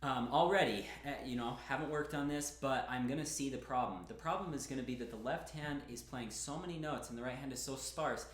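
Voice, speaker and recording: A man's voice: medium pitch, a little fast, few pauses. A young man giving a casual, encouraging piano lesson, chatting between short demonstrations at the keyboard. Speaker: piano teacher. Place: room with a piano. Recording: roomy echo with piano playing.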